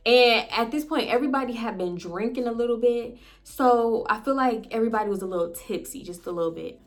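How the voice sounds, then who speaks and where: A young woman, casually telling a story to her viewers and acting out her friends' lines in quick quotes. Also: a little high. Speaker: storytime YouTuber.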